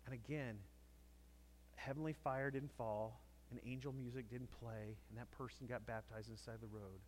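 A man's voice: mid-range voice, fairly even intonation, normal speed, slight background noise. A man preaching a conversational sermon to a congregation, telling stories and acting out quotes. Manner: conversational storytelling, acts out quotes. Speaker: pastor.

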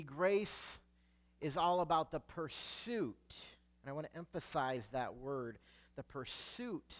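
High-voiced man preaching a sermon. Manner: emphatic, rising loud on key words and dropping low at phrase ends. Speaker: pastor.

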